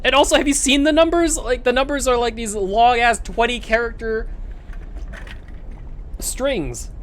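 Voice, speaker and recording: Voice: medium pitch, a bit bright. A streamer chatting casually while playing a video game, telling a profane, ranting story. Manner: talks to a pet mid-story. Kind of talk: casual gaming stream chat.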